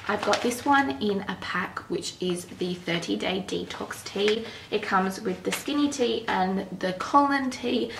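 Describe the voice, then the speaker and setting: Brief: Australian woman, 20s, mum vlogger, chatty and casual, a bit of fry in the voice, recorded on a distant camera mic with room echo and background noise. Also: medium pitch, measured pace, hardly any pauses. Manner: chatty, keeps addressing viewers as "you guys". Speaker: vlogger, stay-at-home mum. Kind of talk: casual chatty vlog talk to viewers. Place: at home, indoors and in the backyard.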